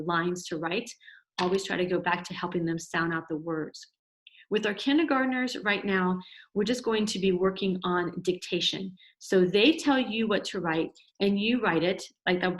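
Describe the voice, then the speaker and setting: A woman teacher in an instructional video for parents, praising a child's writing and slowly sounding out letters and words. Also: fairly low pitch.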